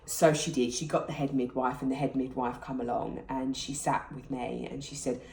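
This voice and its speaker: British woman in her 30s, really deep voice, emotional personal story, roomy echo. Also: level tone, normal speed, vocal fry, darkish tone, far from the mic. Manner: candid, emotional retelling. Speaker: vlogger. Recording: echoey room.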